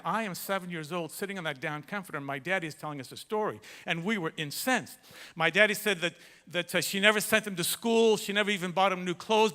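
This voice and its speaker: A man preaching a sermon as a pastor, telling a story in an animated way that swings from hushed to shouting. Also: fairly high pitch. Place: large church hall. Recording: long hall reverb.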